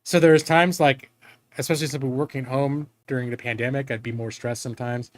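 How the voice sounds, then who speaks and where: A man's voice: mid-range voice, fairly even intonation, fast. A man in his forties chatting casually on a live stream, rambling and candid, swearing freely and joking at his own expense. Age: 40s.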